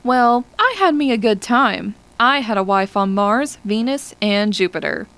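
A woman voicing Lespierre, a worldly, contented male spaceman who speaks calmly and a little indignantly. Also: on the high side, measured pace, clean tone. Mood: boastful. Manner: indignant, then settled.

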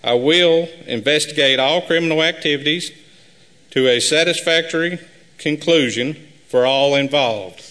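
Earnest male sheriff candidate, slightly high voice, reading pledges in a reverberant hall. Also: a bit bright. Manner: earnest, measured, repetitive pledges. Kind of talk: reading a prepared campaign speech. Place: high school forum hall. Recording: live hall with long reverb.

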